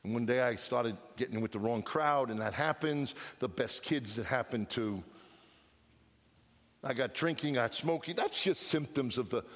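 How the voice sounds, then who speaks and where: A man preaching a sermon, telling a story with hushed lines and emphatic outbursts. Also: medium pitch, moderate pace. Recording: long reverb of a large hall.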